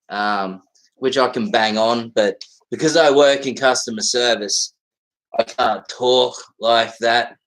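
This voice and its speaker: Bright-voiced Australian man chatting. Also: mid-range voice, fairly even intonation, slow, rough recording. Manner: rambling and blunt, swears freely, many fillers. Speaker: livestream host. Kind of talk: casual livestream chat.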